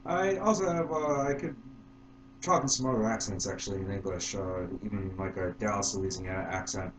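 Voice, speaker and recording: A man talking casually to his channel's viewers, halting and unhurried, with fillers and restarts. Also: fairly low pitch. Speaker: YouTube vlogger. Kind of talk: casual vlog to camera. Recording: roomy with faint hum.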